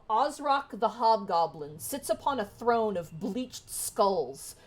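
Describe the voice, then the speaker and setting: A woman narrating a tabletop game as game master, describing scenes in a relaxed way with fillers. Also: mid-range voice.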